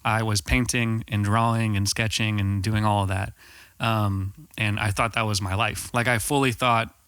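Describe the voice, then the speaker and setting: Bright-voiced man chatting on a podcast. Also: lowish voice, little pitch movement, moderate pace, clean tone, no room sound. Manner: chatty, storytelling, frequent "like" and "um". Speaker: filmmaker guest. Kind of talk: casual podcast chat.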